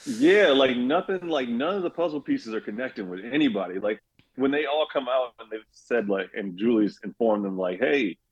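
Husky man chatting animatedly. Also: mid-range voice, moderate pace, highs cut off. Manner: animated, laughs often, acts out quotes. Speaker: guest. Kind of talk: casual chat.

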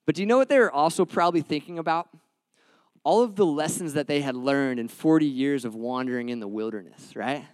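A man's voice: on the high side, brisk, smooth, no room sound. A young man preaching a sermon in a conversational, earnest way, often adding "right?" to his points. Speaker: pastor.

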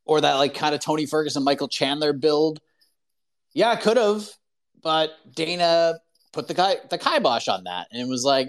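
A man hosting a live call-in show, ranting in an animated, opinionated way full of "like" fillers. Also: on the high side, moderate pace. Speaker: podcast host.

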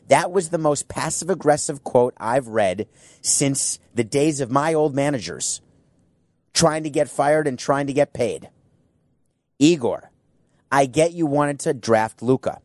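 A man's voice: mid-range voice, animated, normal speed, darkish tone, dry recording. A man giving an opinionated sports monologue, emphatic and sarcastic, talking straight at people who are not there. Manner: emphatic, sarcastic, addresses absent people directly. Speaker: sports commentator.

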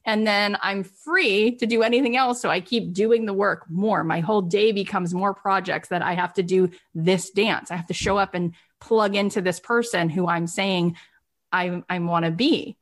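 A woman's voice: medium pitch, normal speed. A woman coaching a guest in casual motivational talk, emphatic and full of "right?" and "like".

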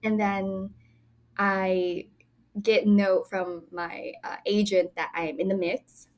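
A woman's voice: medium pitch, level tone, takes it slowly. A woman in her twenties, an actress guest, telling stories in a chatty, laughing way full of fillers. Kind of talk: casual interview chat.

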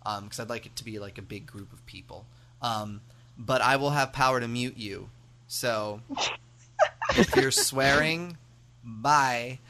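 A man's voice: fairly low pitch, fairly even intonation, moderate pace, pushed and bright. A man hosting a podcast, chatting casually and rambling with lots of fillers. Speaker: podcast host.

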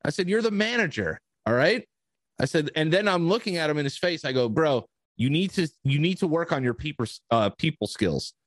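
A man on a podcast telling a story in casual chat, profane and animated, acting out the dialogue. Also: a little high, a little fast, dry recording. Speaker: podcast host.

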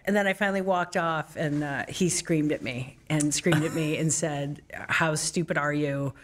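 Middle-aged actress guest, a low-leaning voice, spins animated anecdotes and mimics the people in them. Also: female voice, normal speed, a little hiss or hum. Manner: lively storyteller who acts out quoted voices. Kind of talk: candid interview storytelling.

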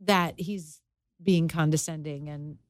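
A woman who is the station's operations manager, speaking calmly and matter-of-factly as a guest in casual on-air chat. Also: low-pitched, slow pace, no room sound, studio quality. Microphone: studio microphone.

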